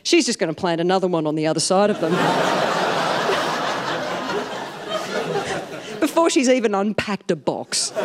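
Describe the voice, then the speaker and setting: A woman's voice: mid-range voice, heavy background noise. Dry woman telling comic stories. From Australia. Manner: dry, self-mocking storytelling with deadpan punchlines. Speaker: stand-up comedian. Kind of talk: comic storytelling to a live audience.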